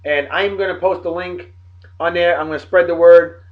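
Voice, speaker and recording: A man, rambling and folksy as he gives birthday shout-outs to old friends. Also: sits high, steady tone, normal speed. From Martha's Vineyard, Massachusetts. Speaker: vlogger, beer and song of the day host. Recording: dull lo-fi home recording.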